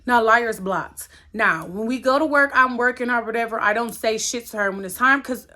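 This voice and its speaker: A woman in her thirties vents through a storytime, cursing freely and piling up complaints in a heated rush. Her voice sits a little high and comes across bright and sharp. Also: normal speed. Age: 30s. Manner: heated, profane and ranting. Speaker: storyteller vlogger. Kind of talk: storytime rant.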